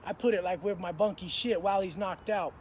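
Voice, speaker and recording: A man's voice: high voice, a little fast, slight background noise. A man in his thirties telling prison stories in a blunt, profane, slang-heavy way. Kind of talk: casual storytelling to camera.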